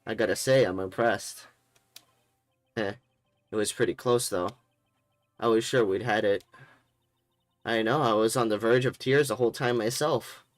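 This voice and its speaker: A man doing a relaxed young lawyer. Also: on the low side, normal speed, pauses often, no room sound, natural voice. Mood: friendly.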